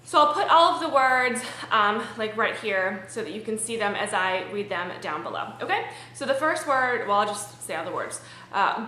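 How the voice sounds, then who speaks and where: Bright, chatty woman vlogger. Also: medium pitch, animated, moderate pace, slight background noise. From Maryland, USA. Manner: chatty, rambling, with frequent ums. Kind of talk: casual chat to camera. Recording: echoey room.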